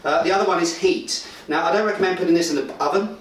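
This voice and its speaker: A man hosting a casual home-brewing video from his kitchen, talking in a rambling, jokey way with a slightly high voice. He sounds a bit distant from the camera mic. The kitchen around him is very echoey, with faint noise in the background. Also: quick pace. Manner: rambling, jokey, full of restarts. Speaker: beer vlog host. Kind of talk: casual presenting chat.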